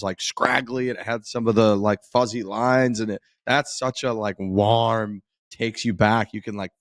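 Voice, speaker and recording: Laid-back low-voiced man, dry mic. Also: no echo. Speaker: podcast host. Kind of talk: casual chat and show intro.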